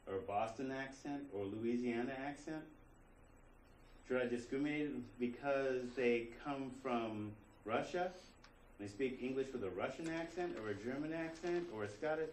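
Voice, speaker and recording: Speaking a little slowly at medium pitch, a college instructor lectures his class in a chatty way, asking one rhetorical question after another. The classroom sound is roomy and distant, and there's slight background noise.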